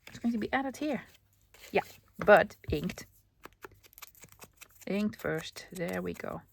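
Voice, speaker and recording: A Dutch woman with a Dutch accent, a native Dutch speaker chatting casually as she narrates her crafting, often dropping into a soft whisper. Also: medium pitch, expressive, slow, gravelly, a little hiss or hum. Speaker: crafting channel host.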